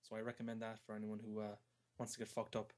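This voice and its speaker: A man's voice: fairly low pitch, monotone, fast talker, a little mellow, a little hiss or hum. A man co-hosting a casual internet radio chat, swearing freely and laughing easily. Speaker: co-host.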